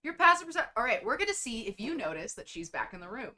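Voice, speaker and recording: A woman's voice: on the high side, big pitch swings, fast talker, pushed and bright. A woman running a tabletop game on stream, narrating casually, rambling and swearing freely. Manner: rambling, swearing, laughing often.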